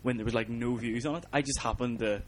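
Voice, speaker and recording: A man's voice: medium pitch, steady tone, quick pace, a little hiss or hum. A man hosting a podcast in a rambling, jokey chat. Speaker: podcast host. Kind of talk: casual chat.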